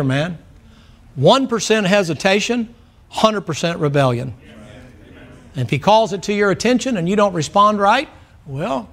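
A man's voice: sits high, fairly bright tone. A man from the Southern United States with a Southern American accent, preaching a sermon in a blunt, folksy, fervent way and peppering it with rhetorical questions.

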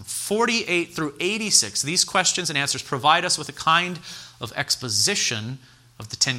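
A man preaching a teaching sermon, earnest and deliberate, asking questions of his listeners and slowing down to stress key words. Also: medium pitch, sharp tone. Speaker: pastor.

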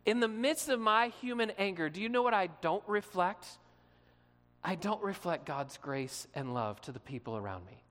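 Pastor preaching a sermon, conversational and direct, mid-pitched, with long hall reverb. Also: expressive, moderate pace, a bit bright. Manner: conversational preaching, asks the listeners questions.

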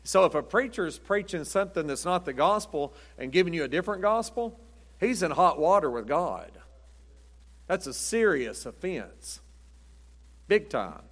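A man's voice: high voice, very animated, moderate pace. A middle-aged man preaching a Baptist sermon in a folksy, emphatic way, with punchy short lines.

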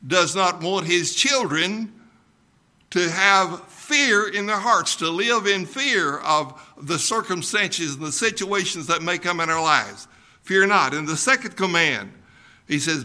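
An older man preaching a sermon, folksy and unhurried, with frequent ums and uhs. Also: sits high, pushed and bright. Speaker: pastor.

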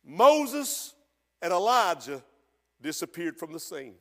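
High-voiced shouting preacher in a hall. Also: male voice, big pitch swings. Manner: preaching with shouted peaks and drawn-out quotes. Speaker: pastor. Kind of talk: sermon.

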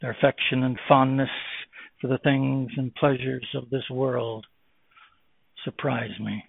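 A man preaching a sermon, moving from slow, hushed words to loud, fervent exhortation. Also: mid-range voice, flat delivery, vocal fry, breathy edge, dry recording. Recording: tinny phone-like, dry.

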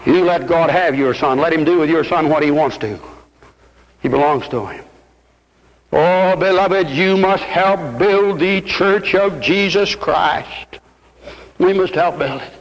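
A man's voice: unhurried, long reverb tail, rough recording. An older man preaching an impassioned sermon from the pulpit, recorded as an old radio broadcast. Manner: impassioned preaching, rising to high exclamations. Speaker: pastor. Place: church.

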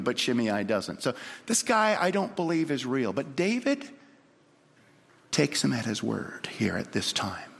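A man preaching a sermon, telling a story dramatically and swinging from loud to hushed. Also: on the high side, wildly swooping pitch, moderate pace, gravelly. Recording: long hall reverb.

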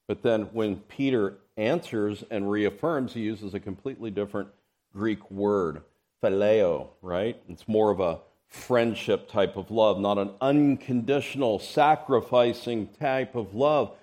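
A man preaching a sermon, reading scripture aloud in an expressive, rising and falling delivery. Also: fairly low pitch, measured pace. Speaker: pastor.

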